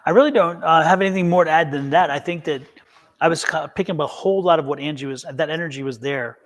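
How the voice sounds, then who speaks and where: A high-pitched man reads tarot on a live stream, speaking earnestly and reassuringly. He often stops mid-phrase, repeats himself and starts over. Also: a bit bright. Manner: halting, many restarts and repeated words. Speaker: tarot reader. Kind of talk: live-streamed psychic reading.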